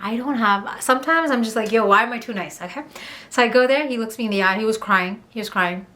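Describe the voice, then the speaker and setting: A young woman from Montreal telling a candid, heated storytime on her vlog, swearing and rushing through asides. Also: fairly high pitch, sharp tone. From Montreal, Canada. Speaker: vlogger.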